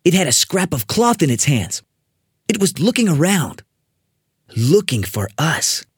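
Expressive storyteller with a husky voice. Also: medium pitch, measured pace, no echo, clean studio sound. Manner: expressive, building suspense. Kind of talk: dramatic read-aloud of a spooky children's story.

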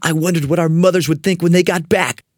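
A storyteller reading a spooky children's story aloud, building suspense with an expressive delivery. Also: medium pitch, quick pace, husky, no echo, clean studio sound.

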